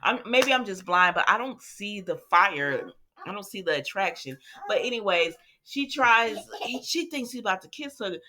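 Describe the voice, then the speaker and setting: A woman recapping a soap opera in casual chat, animated and full of asides to her viewers. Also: mid-range voice, normal speed, a little hiss or hum.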